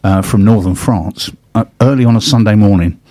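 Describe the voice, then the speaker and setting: A man's voice: lowish voice, normal speed, mellow, dry recording. A man hosting a casual chat, telling rambling stories with restarts and laughs. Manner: chatty anecdotes, frequent restarts and laughs. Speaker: host.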